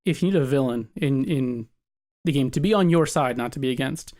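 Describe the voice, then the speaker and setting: A man co-hosting a podcast in casual, relaxed chat, reading out listener messages. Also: medium pitch, fairly quick.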